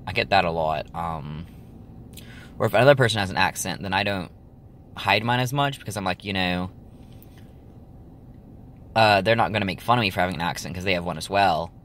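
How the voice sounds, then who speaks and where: A man's voice: low-pitched, brisk, long pauses, fairly bright tone, a little hiss or hum. A young man chatting casually to his viewers, rambling with lots of ums and likes. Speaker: vlogger. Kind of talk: casual chat to camera.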